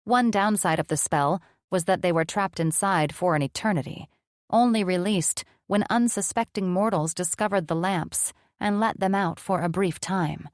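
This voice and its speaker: Narrator: woman, somewhat low voice, dry close recording, measured read. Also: dry recording. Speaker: audiobook narrator. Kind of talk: scripted narration.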